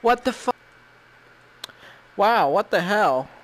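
A man's voice: sits high, expressive, takes it slowly, a bit bright. A man reacting while playing a VR game, jumpy and panicky and swearing constantly. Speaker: gamer.

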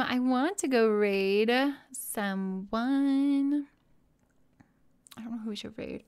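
A bubbly young woman streaming from home, chatting with her viewers in a fairly high voice. She gushes over things she likes and jumps from one thought to the next. Her talk is casual and personal, close on a desk mic. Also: clean tone. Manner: bubbly, gushing, easily excited. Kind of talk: casual live-stream chat.

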